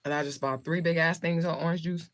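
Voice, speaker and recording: A woman's voice: sits low, fairly even intonation, fast, background noise. Chatty woman livestreaming while snacking. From southern United States. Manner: rambling, talks while eating. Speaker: livestream host. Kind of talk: casual live chat with viewers.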